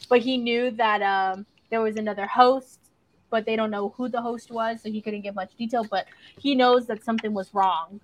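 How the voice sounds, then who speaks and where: A woman's voice: fairly high pitch, steady tone, moderate pace, a little hiss or hum, rough recording. A young woman co-hosting a podcast, recapping a series in casual chat and swearing freely as she tells the story. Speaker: podcast co-host.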